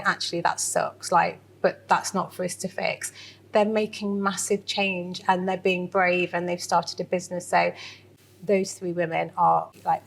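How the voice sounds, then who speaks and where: A woman's voice: lowish voice, creaky. A woman giving a candid interview, talking animatedly with lots of fillers and restarts. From England. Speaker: interview guest. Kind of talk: casual interview.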